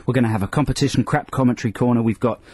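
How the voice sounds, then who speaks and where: A man's voice: mid-range voice, steady tone, rapid-fire, a little mellow. A man co-hosting a radio show in a studio, chatty with dry jokes. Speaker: radio co-host. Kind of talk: casual radio banter.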